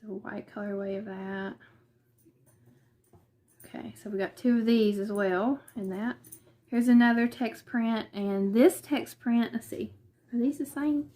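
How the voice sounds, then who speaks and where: A woman's voice: mid-range voice, steady tone, measured pace, pauses often, mellow. A woman with a Southern US accent chatting casually through a quilting unboxing in her living room, hesitant and thinking aloud as she goes. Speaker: vlogger.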